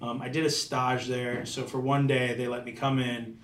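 A man of middle pitch tells his story loosely, scattering "like" fillers as a chef guest. His voice sits back from the mic in a roomy space, with faint background noise. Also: level tone, moderate pace, distant mic. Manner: loose, rambling, many "like" fillers. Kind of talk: casual storytelling.

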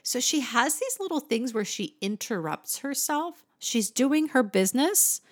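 A woman teaching a lesson on song lyrics, talking in an animated way and singing short snippets to show her points. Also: high-pitched, unhurried, dry recording. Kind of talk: explanatory lesson.

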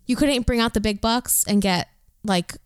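A woman co-hosting a casual talk show with a smooth, clean voice. She talks in a loose, blunt way and swears freely. The sound is dry and up close. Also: on the high side, normal speed, dry recording. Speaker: podcast co-host. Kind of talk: casual chat.

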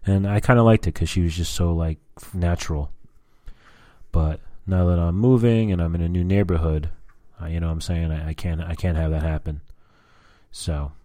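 A deep-voiced man rambles through a casual personal vlog, dropping fillers and curse words as he catches up with his viewers. His tone is dark and mellow, and the recording is dry and close. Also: fairly even intonation, normal speed, dry recording. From US Southwest. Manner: rambling, frequent fillers and cursing. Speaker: vlogger.

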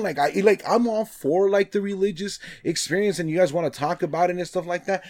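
A man from Nevada telling a story in casual chat, animated and swearing, acting out quotes with lots of "like". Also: high voice, brisk, hardly any pauses.

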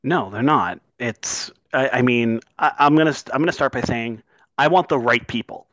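A man's voice: medium pitch, normal speed, fairly bright tone, dry recording, lo-fi sound. A man co-hosts a sports talk show and speaks with growing intensity, sometimes swearing as his point sharpens. His voice sits in an ordinary middle register. It is recorded close and dry, with almost no room sound. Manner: impassioned, swears when worked up. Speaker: podcast co-host.

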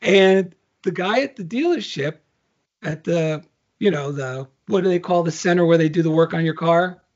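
A man's voice: a little high, normal speed, darkish tone. A middle-aged man co-hosting a casual spiritual podcast, telling a story animatedly and acting out the dialogue. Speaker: co-host. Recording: dull lo-fi sound.

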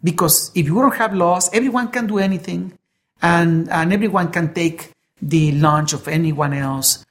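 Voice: medium pitch, moderate pace, lightly acted. A preacher quoting a stern male schoolteacher in a sermon illustration, speaking firmly and instructively. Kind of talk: quoted character in a sermon story.

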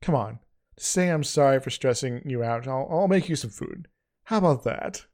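A man's voice: medium pitch, animated, moderate pace, darkish tone, natural voice. A man voicing a casual, teasing young man who talks breezily with stumbling restarts.

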